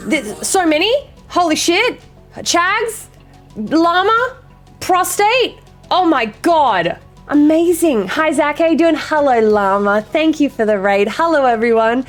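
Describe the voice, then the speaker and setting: An excitable woman hosting a live stream, her high voice swinging up and down as she chats with viewers. She swears freely and greets each chatter by name, with faint music playing behind her. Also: moderate pace. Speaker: livestream host. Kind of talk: casual chat with live viewers.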